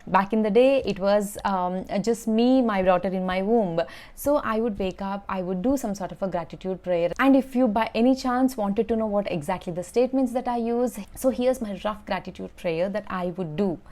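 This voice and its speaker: A woman's voice: medium pitch, normal speed, darkish tone. A woman speaks straight to her viewers as a vlogger, sharing a personal story. She is earnest and emphatic and keeps circling back to repeat her key words.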